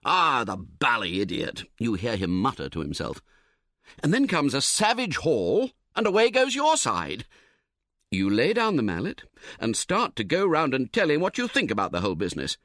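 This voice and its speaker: A man narrating a comic novel as an audiobook, in a wry, expressive, theatrical manner. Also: medium pitch, normal speed, no echo, studio quality.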